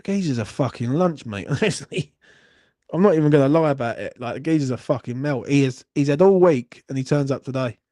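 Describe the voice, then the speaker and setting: A man's voice: medium pitch, animated, fairly quick, mellow, dry recording, studio quality. Sweary exasperated man. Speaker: watchalong host. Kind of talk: live horse racing watchalong chat.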